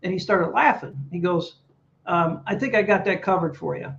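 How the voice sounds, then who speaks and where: Guest: male veteran, high-pitched storyteller, slightly muffled lo-fi audio. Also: moderate pace, gravelly, slight background noise. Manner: animated anecdotes, acts out dialogue. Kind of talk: storytelling interview.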